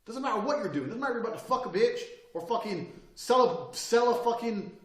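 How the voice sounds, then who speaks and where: A man's voice: very high voice, expressive, fairly quick, echoey room. A man giving a blunt, profane motivational lecture with an emphatic, swaggering delivery. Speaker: course instructor.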